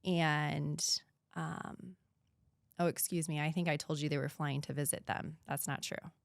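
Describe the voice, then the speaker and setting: A woman in her thirties from the United States, a podcast guest telling a painful personal story in an earnest voice that sometimes drops to a hushed whisper. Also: low voice, steady tone, unhurried, vocal fry, dry recording, clean studio sound.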